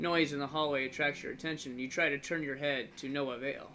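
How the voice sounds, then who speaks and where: A man's voice: a little high, steady tone, fairly quick, few pauses, sharp tone, slight background noise. Joking man reading a game aloud. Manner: jokey, offhand asides. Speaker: gamer narrating a game. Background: game music.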